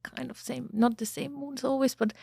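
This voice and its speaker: A woman's voice: high voice, steady tone, normal speed, creaky, warm tone, slightly rough, dry recording, clean studio sound. A woman hosting an interview podcast, speaking reflectively and searching for her words. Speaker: podcast host. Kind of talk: interview conversation.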